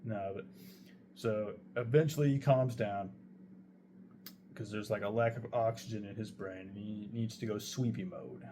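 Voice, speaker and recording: A young man with a lowish voice casually recounts a true story at normal speed with fairly even intonation, against background noise. He rambles as he goes and swears heavily throughout.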